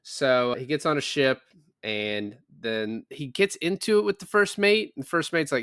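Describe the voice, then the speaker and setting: A man talks through a movie scene by scene on a podcast, rambling and cracking jokes. His voice sits at an ordinary pitch and the sound is dry and close. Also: normal speed, fairly bright tone, clean tone, no room sound. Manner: rambling, jokey, acts out characters' lines. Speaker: podcast co-host. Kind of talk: casual movie review chat.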